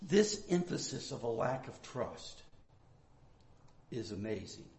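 A male pastor teaching from the Bible in a sermon, swinging between loud emphatic bursts and quiet asides. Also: medium pitch, sing-song, slow. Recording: echoey room.

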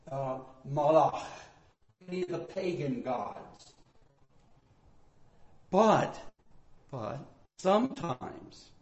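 A male pastor teaching from the Bible in a sermon, swinging between loud emphatic bursts and quiet asides. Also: on the high side. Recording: echoey room.

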